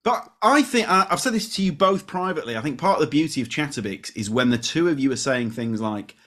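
A man hosting a podcast, chatty, quick to laugh and self-deprecating. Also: a little high, animated, fairly bright tone. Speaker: podcast host. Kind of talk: casual podcast interview.

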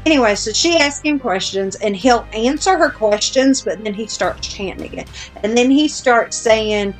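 A woman's voice: on the high side, normal speed, soft background music. A woman podcast host telling a long story in casual chat, blunt and self-deprecating, with casual swearing.

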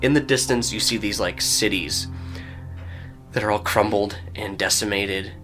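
A man's voice: fairly low pitch, fairly even intonation, moderate pace, sharp tone, faint music behind. A man narrating as game master of a tabletop role-playing game, casual and vivid, with many filler words.

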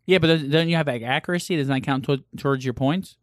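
A man's voice: fairly high pitch, quick pace. A man co-hosting a podcast, casual and easygoing, asking curious questions. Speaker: podcast co-host.

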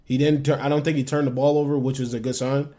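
A young man co-hosting a casual sports podcast, talking quick and animated, often trailing off and restarting. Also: medium pitch. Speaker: podcast co-host.

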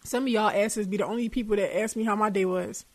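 A woman's voice: medium pitch, steady tone, fast. A young woman hosting a podcast, giving casual, candid advice with plenty of swearing and colloquial speech. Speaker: podcast host.

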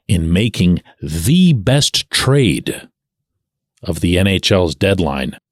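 Male podcast host with a deep voice, sardonic and opinionated, recorded dry and close. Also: dry recording. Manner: sardonic, animated, drops to mutters and asides. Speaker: podcast host and sports columnist. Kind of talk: opinionated solo podcast commentary.

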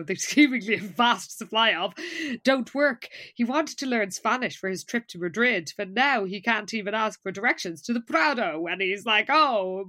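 A woman's voice: mid-range voice, a bit bright. A woman co-hosting a podcast, recapping an episode in casual chat with dry, wry asides. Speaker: podcast co-host.

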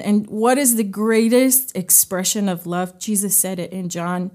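A woman's voice: mid-range voice, steady tone, dark tone. A woman hosting a devotional podcast, giving an earnest, heartfelt teaching with fillers. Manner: unhurried, with fillers. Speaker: podcast host.

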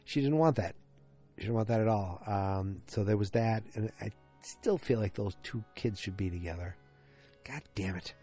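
A man's voice: on the low side, normal speed, mellow, soft background music. A man giving a casual, rambling recap of a TV episode, with many ums and restarts. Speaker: TV episode reviewer.

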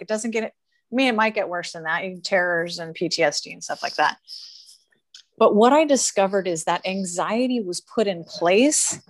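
A woman's voice: fairly low pitch, no echo. A woman talking earnestly and emphatically in a casual conversation, laughing often as she coaches.

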